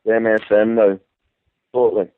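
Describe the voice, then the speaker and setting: Over a dry, tinny phone connection, a male caller makes casual conversation on a radio show, leading into his turns with fillers such as "listen." His fairly low voice is delivered flatly at a moderate pace, without echo.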